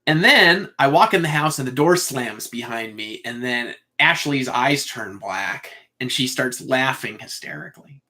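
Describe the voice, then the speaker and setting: A man's voice: mid-range voice, animated, unhurried, few pauses, bright, forceful tone. A man telling a long personal story in a loose, meandering way, full of "like" and "uh". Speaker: speaker sharing a spiritual vision.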